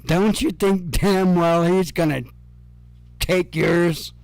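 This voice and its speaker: Sarcastic guy doing news commentary, swears a lot, talks slow, dry close sound. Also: high voice, steady tone, creaky, a little mellow, no echo. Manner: sarcastic, profane, chuckling asides.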